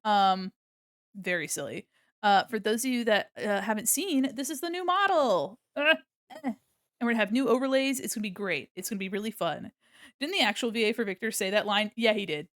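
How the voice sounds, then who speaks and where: A woman's voice: mid-range voice, lively intonation, brisk, no room sound, clean studio sound. A woman chatting casually and rambling in a silly, giggly way on a livestream as she draws. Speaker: streamer. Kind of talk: casual livestream chat while drawing.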